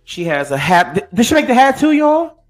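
A man's voice: very high-pitched, a little fast, soft background music. A man co-hosting a podcast, giving casual, playful reality-show recap commentary. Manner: animated, playful banter. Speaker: podcast co-host.

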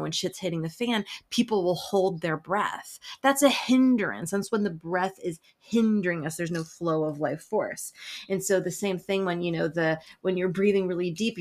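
A woman who works as an emotional health specialist, talking casually about breathwork with lots of swearing, jokes and laughter. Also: on the low side. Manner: profane, playful, laughs often. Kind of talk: casual spoken talk.

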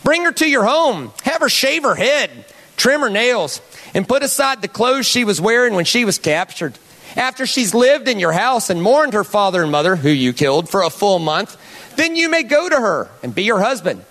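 A man's voice: high voice, a bit bright, long reverb tail, pitched above the performer's own voice, full character voice. A man voicing a mocking male preacher with a put-on Southern US accent, drawling and theatrical.

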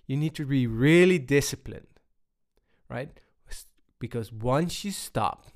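A man giving a personal talk on balance, unhurried and full of pauses and restarts. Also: medium pitch, vocal fry. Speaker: speaker on balance.

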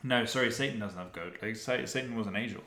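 A man's voice: fairly low pitch, fast talker, sharp tone. A man co-hosting a podcast in casual chat, rambling and swearing with many restarts, a few beers in. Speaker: podcast co-host. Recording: echoey room.

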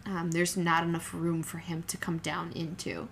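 A young woman talks in a relaxed, candid way, her voice sitting a little low for a woman. She rambles, restarting sentences and leaning on fillers as she goes. A faint hiss of noise sits under the recording. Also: normal speed, vocal fry. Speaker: podcast co-host telling her birth story. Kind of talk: casual chat.

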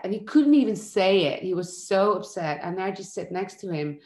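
A heartfelt mother talks openly about her young children, stumbling over and restarting her words as she goes. Her voice sits at a middling pitch for a woman. The room around her rings with a noticeable echo. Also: normal speed, few pauses. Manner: heartfelt, animated when quoting, many restarts. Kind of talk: candid personal conversation. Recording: roomy echo.

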